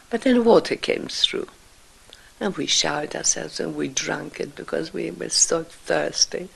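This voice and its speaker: Older woman with a gravelly, husky voice. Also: lowish voice, fairly bright tone, low-quality recording. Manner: slow, emotional, halting delivery with whispered passages. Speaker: Holocaust survivor speaker. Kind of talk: personal testimony.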